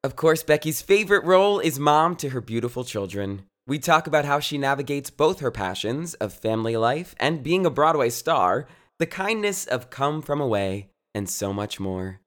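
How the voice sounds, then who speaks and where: A man's voice: mid-range voice, sing-song, normal speed, a bit bright. A man hosting a podcast, bubbly and playful as he opens the show. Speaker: podcast host. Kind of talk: podcast intro and chat.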